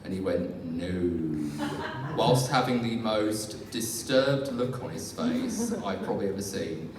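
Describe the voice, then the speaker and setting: A young man doing a live stand-up set, rambling and self-deprecating with many fillers and restarts. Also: mid-range voice. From England. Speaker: stand-up comedian. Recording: far-off echoey hall recording, faint noise.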